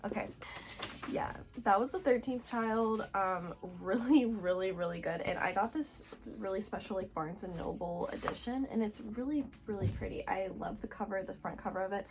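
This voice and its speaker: A young woman in her twenties talking excitedly to camera about books at home, gushing with lots of filler words. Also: medium pitch, moderate pace, background noise. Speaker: book vlogger. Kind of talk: casual reading vlog chat.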